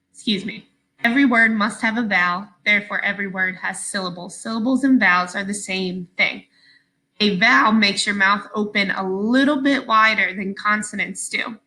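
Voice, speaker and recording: A woman teaching a phonics lesson for small children, speaking slowly and patiently and sounding out each word with care. Her voice has a bright, clear ring, and her pitch sits at a middle height for a woman. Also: low-quality recording.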